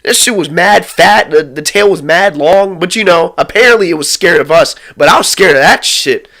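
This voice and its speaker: A young man tells a story, loose and rambling, with heavy swearing and excitable retellings. His voice sits a little high and comes across sharp and bright. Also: normal speed, gravelly. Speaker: vlogger telling a story. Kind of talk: profane casual storytime.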